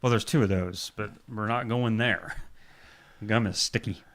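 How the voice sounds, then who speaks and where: A man co-hosting a casual show, laughing and tossing in quick wisecracks. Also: lowish voice, fairly bright tone. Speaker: co-host. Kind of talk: casual chat.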